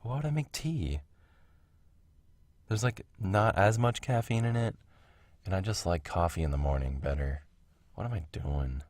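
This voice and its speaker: A man with a very low voice rambles through a casual solo podcast, drifting between tangents and chuckling at himself. The sound is dry and close to the mic, with no room echo, as if recorded at home. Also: expressive, moderate pace, pauses often, a little mellow. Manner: rambling, self-interrupting, laughs at himself. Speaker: podcast host.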